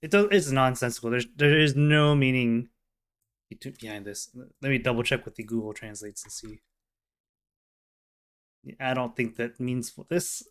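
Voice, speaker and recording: A man hosting a casual reaction video, explaining slowly with plenty of fillers into a desk microphone. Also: mid-range voice, clean tone.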